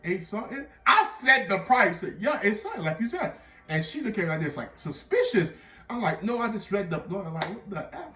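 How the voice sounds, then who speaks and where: A young man telling an animated storytime tale full of slang, with bursts of laughter. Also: high-pitched, a little fast, recorded from a distance. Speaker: vlogger. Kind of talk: storytime vlog. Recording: echoey room, off-mic.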